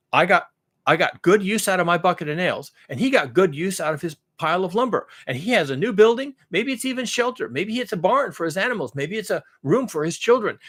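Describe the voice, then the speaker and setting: A man's voice: fairly high pitch, a bit bright. A man talking in a rambling, blunt monologue, listing things at length and repeating himself. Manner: blunt, swears now and then. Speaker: vlogger.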